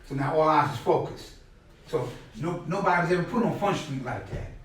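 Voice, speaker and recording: Middle-aged male speaker, fairly high voice, lively storyteller, recorded far off in a booming room. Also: moderate pace, a little hiss or hum. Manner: animated, acts out quoted people loudly, repeats words. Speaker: guest speaker at a class. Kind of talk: conversational storytelling lecture. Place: indoor classroom space. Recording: very echoey room, mic far off.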